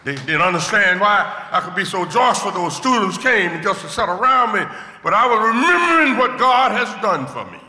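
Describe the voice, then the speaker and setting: An older male preacher giving a sermon testimony, moving from hushed storytelling to shouted rejoicing. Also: sits high, animated, moderate pace, few pauses. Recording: echoey hall with long reverb.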